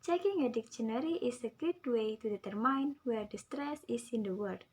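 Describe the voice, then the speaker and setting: Young Indonesian woman, student presenter, breathy high voice, reads a lesson with care. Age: young adult. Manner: slow, careful, drills words for repetition. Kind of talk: reading an English pronunciation lesson.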